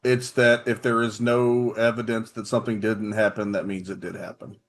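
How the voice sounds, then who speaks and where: A man's voice: fairly low pitch, level tone, normal speed. A man co-hosting a wrestling podcast in casual chat, laid-back and teasing. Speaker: podcast co-host.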